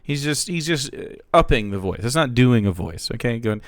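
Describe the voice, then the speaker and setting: A man's voice: medium pitch, sing-song, moderate pace, no room sound. A man streaming, reacting to a clip with casual, sarcastic, profane commentary. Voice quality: casual, sarcastic, swears freely.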